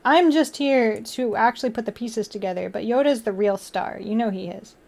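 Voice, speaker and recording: Slightly high and creaky with a darkish tone, this young woman's voice keeps a moderate pace as she hosts a laid-back livestream. Giggly and chatty, she talks and laughs with viewers and baby-talks her cats between remarks.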